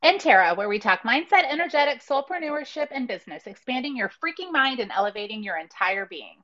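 A woman's voice: a little high, very animated, fairly quick, bright, forceful tone. A woman co-hosting a podcast, speaking in an upbeat, enthusiastic way. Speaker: podcast co-host. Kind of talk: casual podcast chat. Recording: slightly dull, muffled audio.

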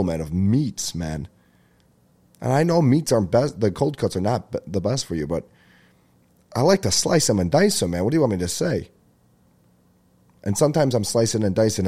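Young male comic host, low relaxed voice, loose rambling podcast delivery. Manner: rambling, jokey, swears, laughs at own bits. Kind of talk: casual comedic monologue.

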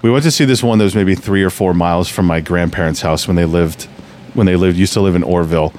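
A man's voice: low voice, fast, darkish tone, slight background noise. A man telling stories in a casual podcast chat, rambling and restarting often.

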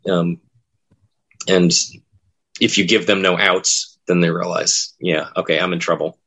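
Casting: low-pitched man, rambling storyteller, haunt worker on a chat show. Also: steady tone, measured pace, fairly bright tone, husky. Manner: rambling storyteller, acts out quoted lines. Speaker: haunted attraction actor. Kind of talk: casual podcast chat.

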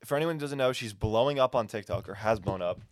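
A young man co-hosting a podcast, chiming in with quick, casual banter. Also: medium pitch, lively intonation, no echo, studio quality. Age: young adult. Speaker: podcast co-host. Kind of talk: casual chat.

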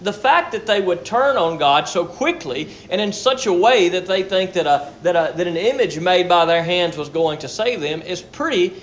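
High-voiced man preaching a sermon. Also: expressive, normal speed, few pauses, slight background noise. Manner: repeats words as he searches, earnest and explanatory. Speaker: pastor.

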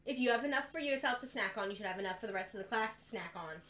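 A woman's voice: a little high, rapid-fire, a bit bright. A young woman co-hosting a casual podcast, joking and sarcastic, swearing freely. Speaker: podcast co-host. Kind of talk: casual chat.

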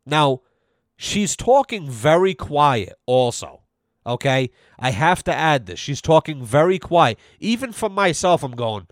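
With big pitch swings in a slightly high voice and a measured pace, a podcast host launches into a long, rambling, profane story, performing the voices of the people involved. The casual rant is recorded at studio quality with no echo.

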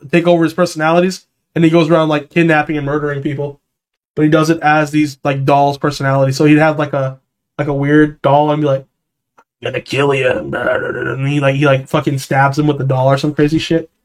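A man with a high-pitched voice chatting casually and loosely. He rambles through stories, swears freely and slips into silly impressions. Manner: animated, breaks into funny voices and laughs. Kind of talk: casual chat.

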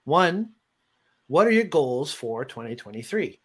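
Co-host, husky, lively intonation, dry humor. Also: medium pitch, measured pace. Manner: dry quips, leads the questions. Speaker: podcast co-host. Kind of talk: casual chat.

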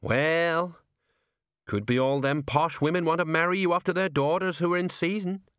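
A man's voice: fairly high pitch, normal speed, a bit bright, clear, resonant tone, no room sound, clean studio sound, pitched above the performer's own voice, natural voice. Fields: Figure: man playing a folksy older watch sergeant. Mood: musing. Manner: folksy, rambling, common speech. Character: portly older male watch sergeant, set in his ways.

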